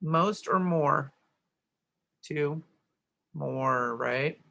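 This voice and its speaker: A middle-aged woman walks through a grammar worksheet lesson, explaining each answer step by step and often checking in with "right?". Her voice has a gravelly edge and a bright, forceful tone. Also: sits low, extremely slow, highs cut off. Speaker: teacher.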